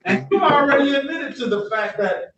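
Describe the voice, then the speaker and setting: A man's voice: extremely high pitch, expressive, moderate pace, muffled recording, very noisy. A man in his fifties, a judge at a court hearing, reading case numbers and lecturing a defendant, stern but fatherly, with stammering restarts. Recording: echoey courtroom audio from far off.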